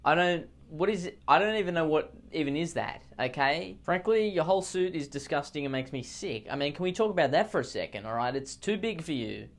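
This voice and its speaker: A man's voice: on the high side, lively intonation, fairly quick, hardly any pauses, pitched above the performer's own voice. A man doing a pompous, insulting politician. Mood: boastful. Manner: boastful, rambling, trades in childish insults. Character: pompous insulting male politician at a press conference.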